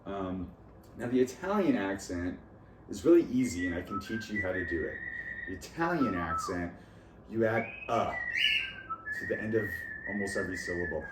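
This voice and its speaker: A man's voice: low-pitched, expressive, normal speed. Rambling man, echoey and far off. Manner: rambling, jumps between topics, laughs at own jokes. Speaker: vlogger. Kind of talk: rambling solo talk about accents. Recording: echoey room, far from mic, noisy.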